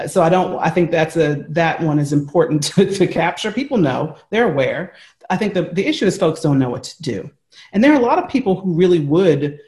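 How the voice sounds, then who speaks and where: A man's voice: on the high side, darkish tone. An American man speaking earnestly as an interview guest on a call from home, explaining at length with frequent fillers and restarts. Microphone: remote call from home.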